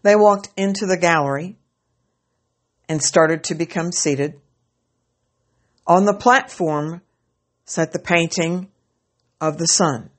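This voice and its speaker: A woman narrates a story aloud with slow, measured delivery. Her voice sits fairly low and takes its time over every line.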